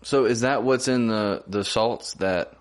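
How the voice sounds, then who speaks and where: A man's voice: lowish voice, unhurried. A man co-hosting a casual podcast chat, teasing and laughing easily. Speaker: podcast co-host.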